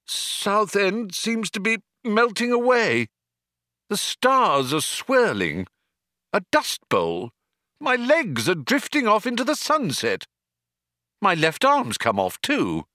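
A man's voice: high-pitched, wildly swooping pitch, slow, pushed and bright, no room sound, clean studio sound, voice pushed up, heavily acted. A man voicing a bewildered, anxious young man who keeps asking exasperated questions. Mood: alarmed.

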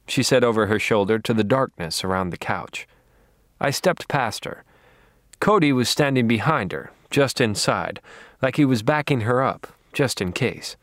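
A man narrating an audiobook in a dry, wry, deadpan manner. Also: fairly low pitch, moderate pace, no room sound.

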